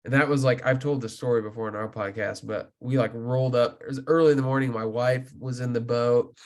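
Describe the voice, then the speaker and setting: A man hosting a podcast, telling a fishing story in a loose, animated way with plenty of filler words. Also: mid-range voice, a little fast. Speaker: podcast host. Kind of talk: casual podcast chat.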